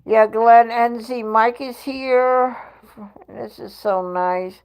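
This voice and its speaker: Slow-talking woman chatting on a livestream. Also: fairly high pitch, steady tone, a little mellow. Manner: chatty, laughs often, reads chat aloud. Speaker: livestream host. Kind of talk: casual live-stream chat. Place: at home.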